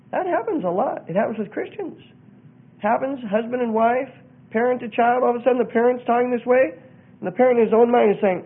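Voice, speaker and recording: A man's voice: very high voice, animated, fast talker, breathy edge. A man teaching on religion in an earnest sermon style, reading out passages and commenting on them. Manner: earnest, reads out and comments, acts out quoted voices. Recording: narrow phone-like radio sound.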